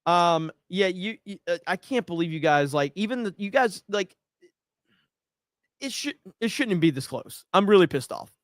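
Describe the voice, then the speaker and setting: A man's voice: high-pitched, expressive, moderate pace, dry recording, clean studio sound. A man hosting a casual livestream, reading out viewer comments and ranting in a profane, mock-outraged way. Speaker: livestream host.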